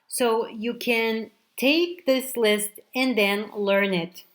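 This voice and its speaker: A woman's voice: a little high, steady tone. A woman teacher giving a recorded grammar lesson, explaining examples step by step and often checking with "okay". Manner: slow, deliberate explaining with frequent "okay" checks. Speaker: English teacher.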